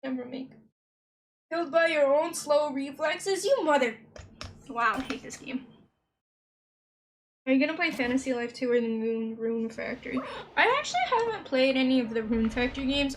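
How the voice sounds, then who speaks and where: A woman's voice: high-pitched, moderate pace, long pauses. A woman streaming a game, chatting casually and sarcastically with viewers, rambling between stories and sounding a little worn out. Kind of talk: casual gameplay commentary. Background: background game music.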